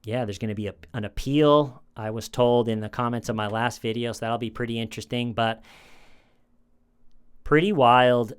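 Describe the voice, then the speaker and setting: Smooth-voiced man giving casual crime commentary. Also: medium pitch, moderate pace. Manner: conversational, opinionated, acts out quotes. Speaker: true crime commentary host.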